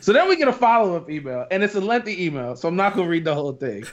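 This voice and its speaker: A man's voice: high-pitched, very animated, racing. A man hosting a podcast from home in casual chat, blunt and profane. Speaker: podcast host. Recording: slightly dull lo-fi sound.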